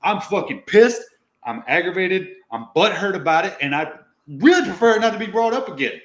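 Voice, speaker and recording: A man hosting a podcast with a slightly high voice that leaps up and down a lot. He vents and curses freely, and the sound bounces around a roomy space. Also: a little fast. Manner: ranting, heavy swearing, animated. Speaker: podcast host. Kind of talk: profane casual chat. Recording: roomy echo.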